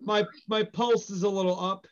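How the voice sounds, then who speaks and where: A man doing a rattled vice-presidential hopeful in a comedy skit, stumbling over his words whenever he gets heckled. His voice sits high, and the recording sounds dull and lo-fi. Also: fairly even intonation, moderate pace, smooth, lightly acted. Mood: flustered. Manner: stammering, easily rattled. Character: flustered male vice president candidate. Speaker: podcast co-host.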